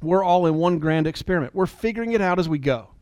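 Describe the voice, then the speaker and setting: A man in his forties giving an earnest, emotional motivational talk, at times dropping to a soft near-whisper. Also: high voice, animated, fast talker, clean tone, dry recording, clean studio sound. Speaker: business leader and motivational speaker.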